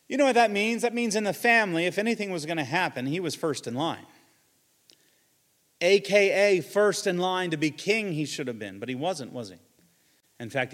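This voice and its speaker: A man preaching a sermon, shifting between loud emphatic lines and quiet asides. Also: fairly high pitch, big-room sound. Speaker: pastor.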